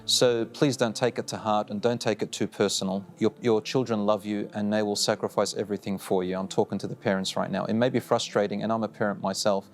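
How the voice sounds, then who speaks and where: A man's voice: lowish voice, level tone, fairly quick, hardly any pauses. A middle-aged man preaching, earnest and direct, repeating short firm phrases as he gives advice to parents. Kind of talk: recorded religious reminder.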